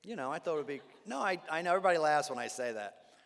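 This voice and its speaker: A man, a Jesuit priest, giving a talk to a live audience with animated storytelling, humor and asides. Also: a little high, rapid-fire, gravelly. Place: large hall with live audience. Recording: long hall reverb.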